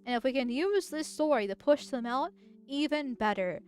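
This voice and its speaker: A woman streamer giving casual commentary on posts, thinking out loud and restarting her sentences often. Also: high-pitched, lively intonation, moderate pace, faint music behind. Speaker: political streamer.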